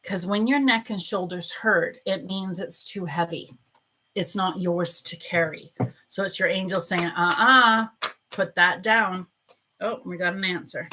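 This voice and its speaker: A woman's voice: fairly low pitch, fairly even intonation, moderate pace, background noise. A woman hosting a live stream as a psychic reader, chatting and greeting viewers by name between angel card readings.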